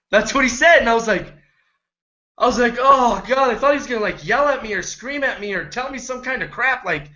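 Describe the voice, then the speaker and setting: A man's voice: very high voice, expressive, a little fast, sharp tone, dull audio. A man coaching home business owners in a rambling, earnest motivational talk, often checking in with his listeners.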